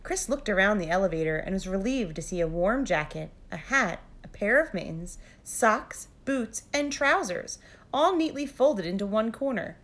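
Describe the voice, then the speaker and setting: A woman reads a children's picture book aloud as a guest reader. Her voice sits at an ordinary middle pitch. She narrates steadily and plainly. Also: animated, moderate pace.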